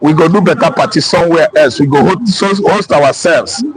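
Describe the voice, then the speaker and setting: A man's voice: on the high side, normal speed, crowd noise, rough recording. A Nigerian man hosting a live-stream chat, calling out viewers' names. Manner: reads out viewers' names with lively calls. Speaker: show host.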